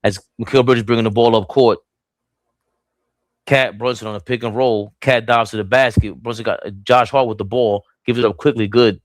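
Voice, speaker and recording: A man's voice: medium pitch, normal speed, no echo. A young man doing casual live play-by-play on a fan stream, talking straight to the chat. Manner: excitable, voice jumps up when the action heats up.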